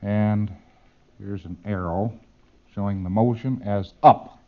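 A man's voice: fairly low pitch, steady tone, slow, phone-quality sound. A man giving a demonstrative lecture, acting out exchanges with playful repetition.

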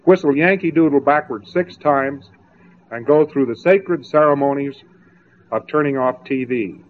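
A man's voice: medium pitch, measured pace, slight background noise. Sarcastic male lecturer on tinny tape. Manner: sarcastic, mocking storyteller. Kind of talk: spoken lecture. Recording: tinny narrow-band old tape.

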